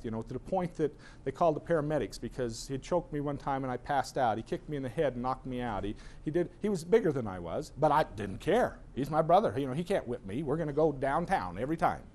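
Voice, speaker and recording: A man's voice: medium pitch, slight background noise. A middle-aged man giving a personal-growth lecture to an audience, telling stories animatedly and acting out other people's voices. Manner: animated storyteller who acts out voices. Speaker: seminar speaker.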